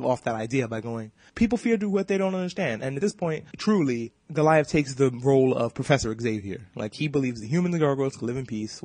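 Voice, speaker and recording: A man hosting a podcast, recapping an episode in a casual, excitable and profane way, acting out the characters' lines as he goes. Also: medium pitch, no room sound. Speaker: podcast host.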